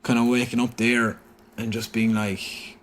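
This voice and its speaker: A man in his thirties with a Cork Irish accent, telling a personal story openly as a podcast guest, halting and full of fillers. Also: mid-range voice, level tone, a little hiss or hum. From Ireland. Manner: open, halting, repeats himself with many fillers. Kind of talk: candid storytelling. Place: indoor room in San Francisco.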